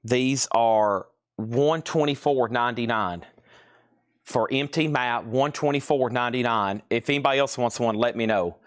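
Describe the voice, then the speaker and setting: A man hosts a live sales stream, rattling off record prices and sold items in a brisk, repetitive auctioneer style. His voice sits at an ordinary middle pitch. The sound is close and dry, with no room around it. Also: clear, resonant tone, no echo. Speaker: host of a live record sale.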